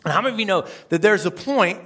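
A man's voice: high-pitched, animated, fast, bright, forceful tone. A man preaching a conversational sermon, often asking the congregation questions. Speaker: pastor.

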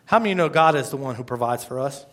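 A man preaching a sermon, with lively, conversational rhetorical questions and slow, measured scripture readings. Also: medium pitch. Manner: slows to a measured pace when reading scripture. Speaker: pastor.

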